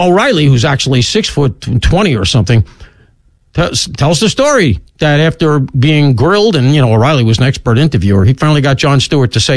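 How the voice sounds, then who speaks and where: A middle-aged man hosting a talk radio show, delivering an opinionated monologue with rapid asides and sudden swoops in pitch. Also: no room sound. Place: radio studio.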